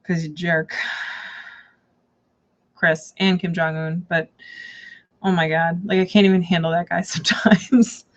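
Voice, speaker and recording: Lady chatting on a tarot livestream, kinda rambly, lots of um and like, low voice, dull lo-fi sound. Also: flat delivery, moderate pace. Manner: rambling, chatty, full of fillers and self-corrections. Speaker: tarot reader and shop owner hosting a live stream. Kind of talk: casual live-stream chat. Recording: dull lo-fi stream audio.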